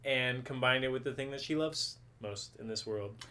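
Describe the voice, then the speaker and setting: A woman's voice: very deep voice, moderate pace, bright, forceful tone. A woman co-hosting a comics podcast in casual, teasing chat, laughing often. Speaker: podcast co-host.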